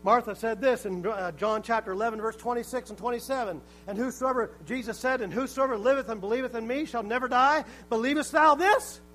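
A middle-aged male pastor preaching a sermon in a church, swinging from quiet to shouted emphasis. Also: extremely high pitch, quick pace, hardly any pauses, slight background noise, low-quality recording. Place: church sanctuary.

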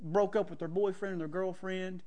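A man's voice: high voice, fairly even intonation, normal speed, warm tone. Folksy man preaching. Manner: chatty, acts out quotes, laughs often. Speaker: preacher teaching on counsel. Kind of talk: folksy sermon storytelling.

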